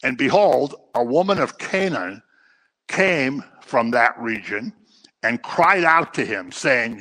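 Lively, bright-voiced male preacher. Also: medium pitch, takes it slowly. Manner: dramatic, swings between loud emphasis and quiet asides. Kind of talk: sermon.

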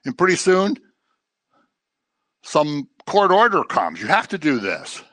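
Man, middle-aged, Bible study teacher, chatty, repeats himself for emphasis, bright voice, dry close sound. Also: wildly swooping pitch, slow, no room sound. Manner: conversational, repeats phrases for emphasis; acts out quoted voices in a low mocking tone.

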